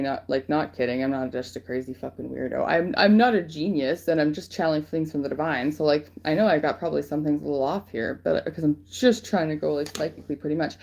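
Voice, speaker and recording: Gravelly low-voiced woman rambling. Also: a little mellow. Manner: rambling, profane, filler-heavy. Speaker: spiritual reader channeling guidance. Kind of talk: casual livestream talk.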